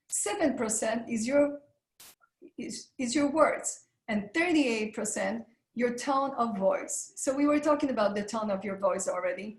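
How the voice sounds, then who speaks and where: A woman presenting a live webinar on a video call, guiding listeners through breathing and voice warm-up exercises in an encouraging way. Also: fairly high pitch, reverberant, rough recording. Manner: encouraging, leads breathing and vocal warm-ups.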